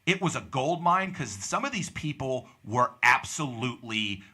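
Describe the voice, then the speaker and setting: Young male podcast host, lively storyteller, very bright forward voice. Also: mid-range voice, moderate pace, breathy edge. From Pittsburgh, USA. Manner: animated storyteller, acts out quoted people. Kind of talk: casual chat, storytelling.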